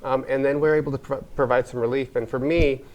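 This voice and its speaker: A man's voice: medium pitch, fairly even intonation, fast, a little mellow. An American man, a wellness spa owner, talking earnestly in a casual interview, rambling with many fillers and restarts.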